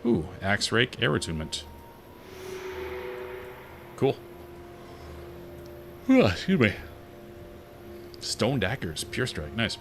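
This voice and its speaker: A man streaming a fantasy game, giving relaxed, chatty commentary with wry asides. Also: lowish voice, slow pace, long pauses, a little hiss or hum. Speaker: gaming streamer. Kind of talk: casual gameplay commentary.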